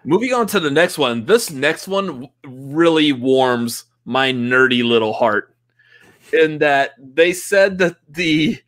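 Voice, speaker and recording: A man's voice: on the high side, lively intonation, slow pace, fairly bright tone, no room sound. Man, movie stream co-host, casual chat, fillers, dry close sound. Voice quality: chatty, filler-heavy, laughs often.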